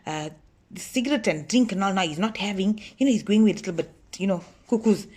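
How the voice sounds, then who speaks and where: Here a woman performs a sketch character, a nosy, chatty auntie married for years who addresses viewers directly while grumbling about her idle husband. She speaks quickly at a middle pitch, slightly rough and close to her everyday voice.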